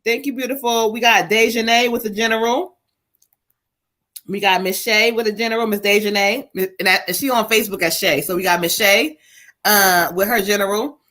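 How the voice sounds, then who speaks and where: Bright hoarse-edged woman host, rushing through a busy live reading lineup with laughs. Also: mid-range voice, fairly even intonation. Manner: quick, busy, lots of laughing asides. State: voice going hoarse. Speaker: host and psychic reader. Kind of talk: live stream reading chat.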